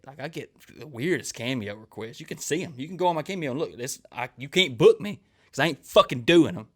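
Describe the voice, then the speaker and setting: A man's voice: medium pitch, a bit bright. Profane rambling man, comedian. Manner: crude, rambling, swears constantly, acts out quoted people. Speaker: comedian podcast host. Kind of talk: profane storytelling monologue.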